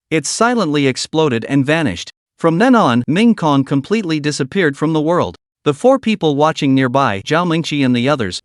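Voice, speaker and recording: A man's voice: a little high, dry recording, clean studio sound. A man narrating a dramatic fantasy story recap in a scripted, storytelling manner.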